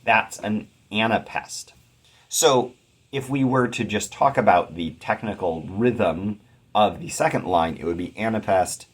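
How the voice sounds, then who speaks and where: A man with a deep, low voice that carries a husky grain explains poetic meter in a calm, measured way. He reads verse aloud and breaks into chanted da-da syllables to mark each beat. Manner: thoughtful, measured explanation with occasional fillers. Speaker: poetry teacher. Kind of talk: explanatory lecture.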